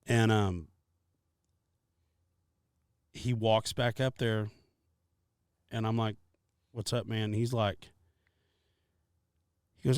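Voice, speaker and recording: On a podcast, a co-host with a fairly low, clear and resonant voice tells a story slowly, pausing often. He swears freely and animatedly acts out what everyone said in this casual tale. The sound is clean studio audio with no room sound.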